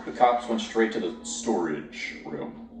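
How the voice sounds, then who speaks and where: Deep-voiced man narrating horror. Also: animated, slow pace. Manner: dramatic, lingering on grim details. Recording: echoey, distant, with music behind.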